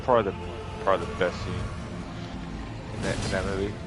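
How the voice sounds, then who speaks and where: A man's voice: low voice, steady tone, quick pace. Bantering gamer man over game music. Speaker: co-op player. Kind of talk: casual gaming chat.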